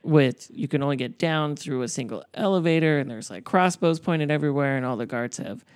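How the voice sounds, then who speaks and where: A woman's voice: deep voice, brisk, darkish tone, no echo. A woman casually discussing a movie, adding dry, understated remarks. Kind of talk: casual movie recap chat.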